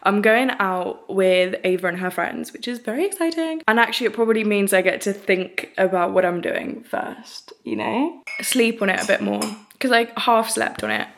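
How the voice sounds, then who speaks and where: A woman's voice: mid-range voice, animated, moderate pace. A young woman from England talks straight to her camera in a loose, chatty vlog style. She rambles and laughs at herself, and drops the odd casual swear word. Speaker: vlogger.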